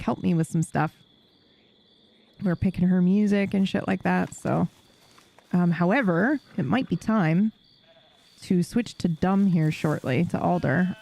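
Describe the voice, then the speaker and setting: A woman's voice: lowish voice, vocal fry, a little mellow. Chatty, cussing woman streaming to chat. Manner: chatty and profane, laughs often. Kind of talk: casual chat to a live stream audience while playing a game.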